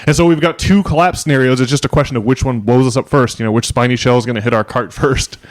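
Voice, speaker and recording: A man's voice: mid-range voice, steady tone, quick pace. A man hosting a podcast in casual chat, rambling with frequent fillers, restarts and chuckles. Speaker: podcast host.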